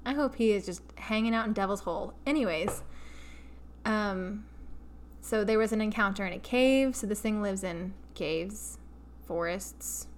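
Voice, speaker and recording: A woman co-hosts a casual podcast, recounting a tale with lively, joking asides. Her voice sits in a middle pitch, and a faint noise runs under the recording. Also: a little slow. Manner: animated storyteller with playful asides. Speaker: podcast co-host.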